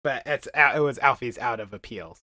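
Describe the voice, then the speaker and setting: A man riffing through improvised comedy banter on a podcast. He rambles and lets his sentences sink into quiet mumbles. The sound is dry and close, with no room echo. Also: normal speed. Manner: rambling, mumbly, trailing off into low murmurs.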